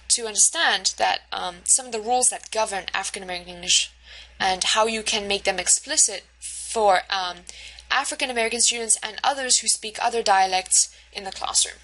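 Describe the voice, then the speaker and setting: A woman's voice: mid-range voice, fairly quick, sharp tone, low-quality recording. A woman teacher giving a recorded lecture over slides, explaining step by step with frequent fillers and checks like "right?".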